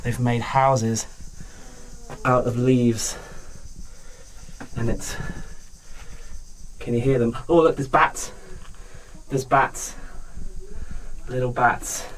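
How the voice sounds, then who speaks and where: A man of ordinary pitch talking into a handheld camera on a travel vlog, chatty and excitable with joking asides. He is outdoors, and insects, crickets and passing traffic are clearly heard behind him. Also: extremely slow, long pauses. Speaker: travel vlogger. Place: outdoors on mountain roads and in a jungle park.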